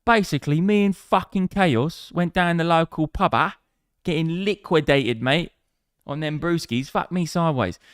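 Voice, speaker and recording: A man putting on a high, loud Cockney voice as a crude, swaggering pub brawler. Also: moderate pace, dry recording, clean studio sound, natural voice. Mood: boisterous. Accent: Cockney, put on.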